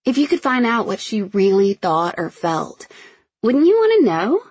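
A woman's voice: mid-range voice, animated, normal speed, husky, no echo. Woman voicing a blunt, sarcastic teenage girl.

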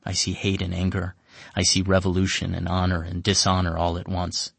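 Brief: husky male narrator, deadpan comic storytelling. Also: low-pitched, fairly quick, dry recording. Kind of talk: comic first-person story reading.

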